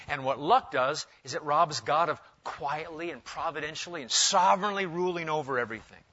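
A middle-aged male pastor preaching a sermon, animated, changing pitch and pace for emphasis. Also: moderate pace. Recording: dull lo-fi sound.

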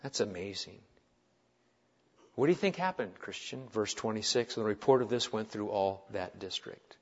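A middle-aged man preaching a sermon as pastor, swinging between loud urgent delivery and soft hushed tenderness. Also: lowish voice, lively intonation, moderate pace. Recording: dull lo-fi sermon recording.

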